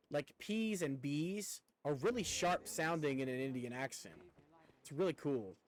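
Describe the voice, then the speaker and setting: A young man with a slight rural Southern twang streams a game, chatting casually and rambling with viewers and swearing now and then. His pitch is fairly high, and the audio is poor.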